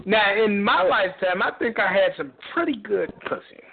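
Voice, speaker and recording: Loud teasing man on a phone line. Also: sits high, lively intonation, normal speed, gravelly. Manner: loud, teasing, laughs a lot. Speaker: caller. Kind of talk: casual call-in banter. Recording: tinny phone line with chatter behind.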